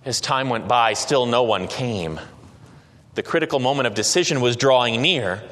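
A man's voice: mid-range voice, fairly bright tone. Man telling a story with reverb. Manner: slow, dramatic, with occasional hesitations. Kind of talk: storytelling narration. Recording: long reverb.

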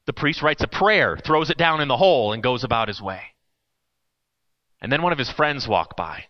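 A man preaching a sermon in a conversational way, swinging between loud bursts and hushed, quiet lines. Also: medium pitch, animated, moderate pace, dry recording, lo-fi sound.

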